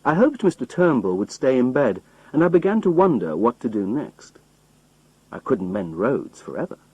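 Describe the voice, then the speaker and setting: A man narrating a simplified novel in a plain, measured storytelling manner. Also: mid-range voice, very animated, darkish tone, breathy edge, muffled recording. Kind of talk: reading a simplified novel aloud.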